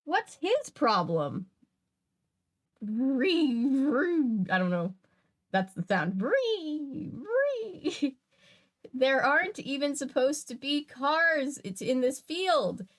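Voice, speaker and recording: A woman's voice: high voice, big pitch swings, slow pace, a bit bright. A woman hosting a stream, chatting casually as she reads comics aloud, often trailing off and restarting her sentences. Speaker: streamer host. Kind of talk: casual chat while reading comics aloud.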